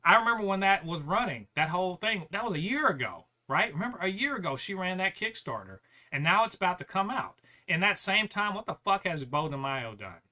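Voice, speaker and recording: A man co-hosting a podcast, ranting in a profane, animated way with lots of restarts. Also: high-pitched, a little fast, few pauses. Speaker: podcast co-host. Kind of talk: casual podcast chat.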